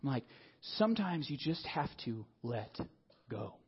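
A man preaching a sermon in a lively, conversational way, often asking the congregation questions. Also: mid-range voice, unhurried, husky, lo-fi sound. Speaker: pastor.

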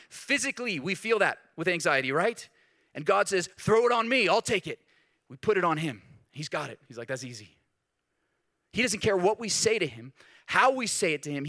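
A man preaching a sermon as pastor, talking in a lively, conversational way and acting out the voices he quotes. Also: high voice, a little fast.

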